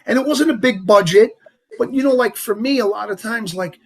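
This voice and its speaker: A man with a heavy New York accent, talking as a guest in a casual interview, animated and rambling with lots of "you know" and "like". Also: sits high, fairly quick. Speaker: actor guest.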